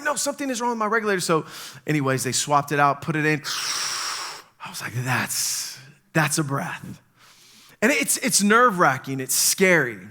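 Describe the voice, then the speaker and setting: A man, a pastor, giving a sermon and telling stories with lively acted-out quotes. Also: fairly high pitch. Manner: animated storytelling, acts out panicked quotes. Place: church stage.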